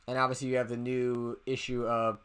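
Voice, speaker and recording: A man hosts a comics podcast at a fast clip, words tumbling out with repeats and restarts. His talk is casual and crude, at a middling pitch for a man. The tone stays loose throughout. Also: completely flat delivery, fairly bright tone, smooth. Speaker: podcast host. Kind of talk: casual chat.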